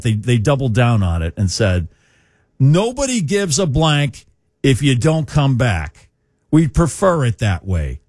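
A man's voice: sits low, a little mellow, no room sound, studio quality. A man hosting morning rock radio, chatting in a rambling, opinionated way with lots of fillers. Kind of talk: radio talk. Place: radio studio. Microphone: studio microphone.

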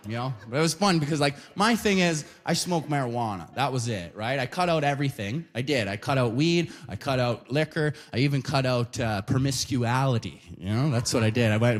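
A man from Canada doing a stand-up comedy set on a club stage, telling a story with tag questions and shouting high impressions of the people in it. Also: brisk, hardly any pauses.

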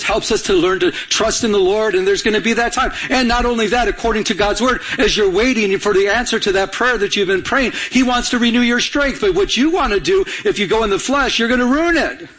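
High, husky-voiced male preacher. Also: a bit bright, low-quality recording. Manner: urgent preaching with call-and-response questions to the congregation; repeats and restarts words for emphasis. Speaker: pastor. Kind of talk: sermon.

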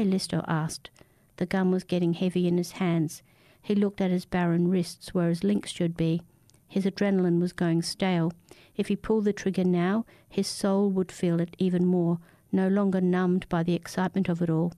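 A woman reading a dark fiction story aloud in a steady, measured narration. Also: on the low side, no echo.

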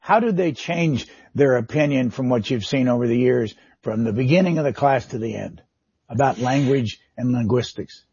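An older man over sixty hosting a radio interview, introducing clips and asking questions in a measured, conversational way. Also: medium pitch, darkish tone, slightly rough, no room sound. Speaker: radio show host. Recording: dry, slightly dull studio sound.

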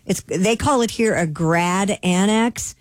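A woman's voice: mid-range voice, slow, no echo. A woman co-hosting a casual talk show, reading out word definitions and chatting with her co-hosts. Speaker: radio show co-host. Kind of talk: casual morning show banter.

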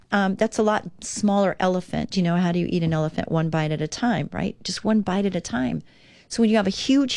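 A woman's voice: mid-range voice, darkish tone, no echo, clean studio sound. A woman hosting a devotional talk radio show, reading aloud and speaking in an earnest, encouraging, conversational way.

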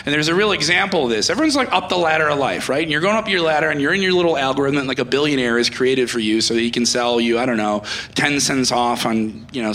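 A man's voice: on the high side, pushed and bright, slight background noise. A man doing stand-up comedy in a rambling, self-interrupting, wry way. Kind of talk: stand-up routine.

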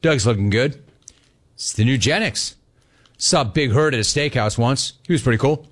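A man's voice: mid-range voice, lively intonation, a little slow, fairly bright tone. A middle-aged man hosting a sports call-in radio show, riffing animatedly with callers. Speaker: sports talk radio host.

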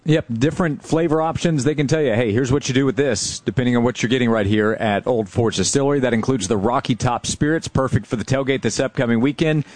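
A man's voice: mid-range voice, a little mellow, no room sound. A man hosting a sports radio show live from a bar, reading upbeat promotions and steering to callers. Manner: brisk, upbeat promotional delivery. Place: live broadcast at a distillery bar.

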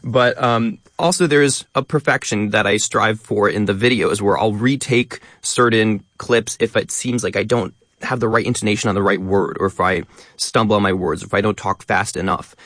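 A man talking quickly as a guest in a radio interview, stressing many of his words. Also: fairly low pitch, a bit bright, dry recording. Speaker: guest, educational content creator.

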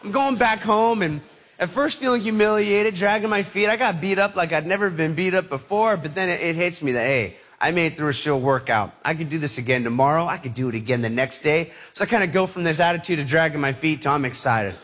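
A man telling a personal story to an audience, animated, acting out the voices of the people in it. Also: a little high, a little fast.

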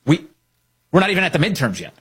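Animated, sarcastic male political commentator. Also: fairly high pitch, fast talker, slightly rough.

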